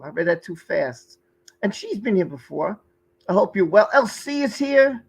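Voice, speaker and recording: A man's voice: sits high, sing-song, moderate pace, gravelly, slightly rough, rough recording. A man hosting a live stream, chatting casually and greeting viewers by name from the chat, sometimes stumbling over their names. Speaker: livestream host.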